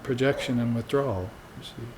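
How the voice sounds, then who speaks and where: Man giving a dharma talk, middle pitch, easygoing and chatty, says "you see" a lot, faint hiss behind. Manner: unhurried, conversational, tags points with "you see". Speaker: spiritual teacher.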